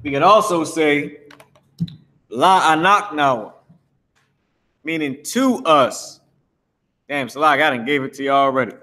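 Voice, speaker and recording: Streaming to Facebook and YouTube, a language teacher talks casually through his live class, repeating himself and grumbling at stream drops. His slightly high voice sounds pushed and bright, at a measured pace with frequent pauses.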